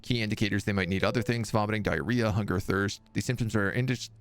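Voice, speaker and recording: A man's voice: on the low side, fast. A man streaming a video game, reading the on-screen text aloud and breaking off with jokey asides. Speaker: gaming streamer. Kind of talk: let's-play commentary.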